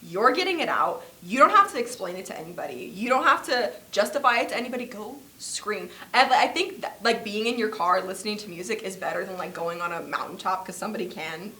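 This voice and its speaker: Bright-voiced young woman telling a story. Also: medium pitch, fast talker, few pauses. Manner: animated storyteller, many "like" fillers, acts out quotes. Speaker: podcast co-host. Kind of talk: casual chat.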